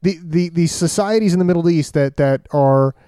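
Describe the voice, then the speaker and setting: Hesitant podcast co-host, man, high mellow voice. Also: normal speed, clear, resonant tone, no room sound, clean studio sound. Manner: hesitant, many restarts when making a point. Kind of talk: casual chat.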